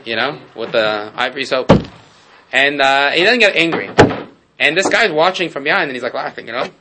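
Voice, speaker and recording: Over a very noisy background, a man with an animated, mid-range voice speaks briskly as he teaches an informal Torah class. His stories come with rhetorical asides and Hebrew words, and he keeps repeating and restarting phrases.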